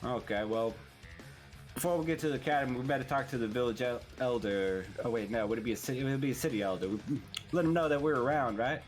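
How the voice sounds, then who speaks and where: A man taking his turn in a tabletop game, talking in a folksy, laid-back drawl. His voice sits at an ordinary pitch, and his questions trail off. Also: lively intonation, quick pace, faint music behind. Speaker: player. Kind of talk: in-character play.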